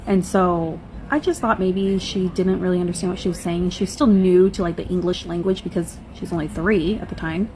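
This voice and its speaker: A woman's voice: fairly low pitch, fairly even intonation, moderate pace, slight background noise, low-quality recording. A mother earnestly telling a story about her daughter in a casual way.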